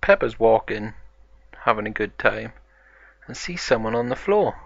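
Man, toy-play storytelling, gravelly, bright, dry close sound. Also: on the low side, animated, normal speed, dry recording, lo-fi sound. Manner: rambling, run-on "so" narration. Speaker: toy video narrator.

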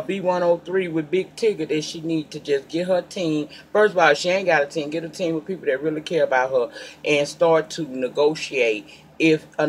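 A man hosting a celebrity gossip vlog in a sassy, emphatic way, talking straight to his viewers and breaking into loud, pointed bursts between calmer asides. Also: fairly high pitch, a little hiss or hum. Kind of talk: casual gossip commentary.

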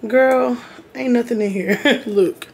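A woman's voice: fairly high pitch, takes it slowly, gravelly, a little mellow. Venting casual woman vlogger. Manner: candid, venting, swears freely. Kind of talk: casual vlog chat. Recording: roomy echo, faint room noise.

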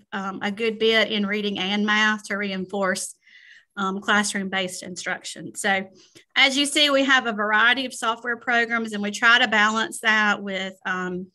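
A woman with a Southern American accent, a school administrator, explaining programs to parents at a school meeting in a measured way with frequent ums. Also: fairly high pitch, pushed and bright. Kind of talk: informational presentation at a school meeting.

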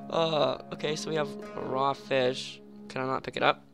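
A young man giving rambling, excitable commentary on a game at home, full of fillers and sudden yelps. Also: mid-range voice, normal speed, creaky, soft background music. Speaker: gamer. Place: home room.

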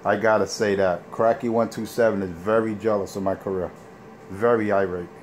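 Deep-ish guy bragging and trash talking on his morning radio rant, bit of hiss behind. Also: fairly even intonation. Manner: boastful, trash-talking, drawn-out phrasing. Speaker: CB radio operator ranting on air.

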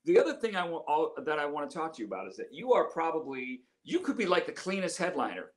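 Man, middle-aged, radio host, teasing banter, a bit high-pitched. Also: very animated, fast. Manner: joking, friendly, teasing. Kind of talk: casual interview chat.

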